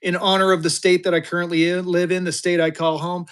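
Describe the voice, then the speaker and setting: A man in his fifties running a live-stream auction, talking fast and joking through his patter. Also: sits high, clean tone. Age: 50s. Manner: energetic, joking, drawling "y'all" asides.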